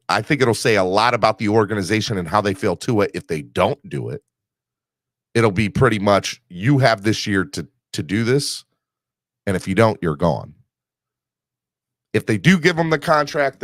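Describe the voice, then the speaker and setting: A man's voice: on the low side, a bit bright, no room sound. A man hosting a casual sports podcast, rambling with restarts while recovering from an illness. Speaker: podcast host.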